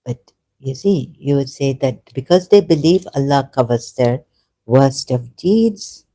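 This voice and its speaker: A religious commentator in an unscripted personal monologue, talking in a meandering, halting way with many self-corrections, earnest and at times emphatic. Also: medium pitch, lively intonation, mellow. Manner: earnest, grows emotional and emphatic.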